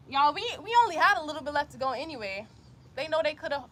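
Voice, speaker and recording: Young female yoga instructor, bright high voice, casual and slangy while cueing breaths outdoors. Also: animated, quick pace, a little hiss or hum. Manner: chatty, slangy asides to viewers. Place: outdoors in light rain.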